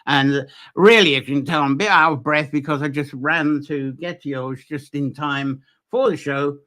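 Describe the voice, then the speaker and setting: A man's voice: on the high side, normal speed, a bit bright. A man hosting a live nature folklore stream from Ireland, talking loosely with many fillers and restarts. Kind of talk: live-streamed solo talk.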